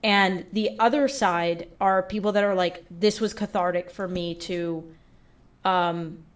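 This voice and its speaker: A woman's voice: lowish voice, a little slow. Woman, casual monologue, chatty, filler-heavy, online personality.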